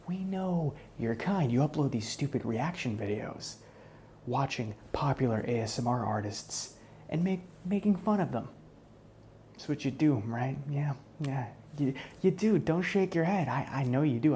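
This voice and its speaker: A man voicing a smug, menacing male hitman in a whispered role-play, taunting his captive in a soft, close voice. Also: medium pitch, a little hiss or hum, close to an everyday voice. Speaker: ASMR role-play performer.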